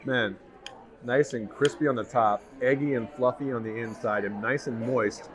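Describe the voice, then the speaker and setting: Speaking at normal speed with a medium pitch and fairly even intonation, a man reviews restaurant food to camera. He raves enthusiastically about each bite amid the chatter of a busy crowd.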